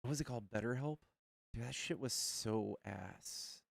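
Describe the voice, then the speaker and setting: A man's voice: mid-range voice, moderate pace, vocal fry, no room sound, clean studio sound. Crude joking male streamer. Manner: crude, joking, addresses chat. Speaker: streamer host. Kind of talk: live-stream chat.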